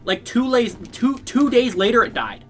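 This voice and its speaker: A man's voice: very high-pitched, very animated, normal speed, fairly bright tone, soft background music. A man chatting casually while playing a video game, rambling through a family story, swearing freely and laughing often. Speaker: host.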